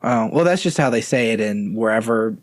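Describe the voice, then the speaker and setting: A man's voice: lowish voice, lively intonation, fairly quick. A man co-hosting a podcast in casual chat, with dry sarcastic teasing. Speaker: podcast co-host.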